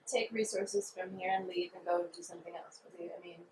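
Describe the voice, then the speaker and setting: A woman interviewing a musician, asking short questions in a soft, prompting manner. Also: lowish voice, steady tone, quick pace. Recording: distant and echoey with faint background noise.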